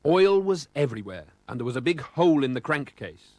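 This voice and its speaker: A man's voice: medium pitch, big pitch swings, brisk, darkish tone, no echo. A man with a British accent narrating a children's storybook expressively, voicing sound effects.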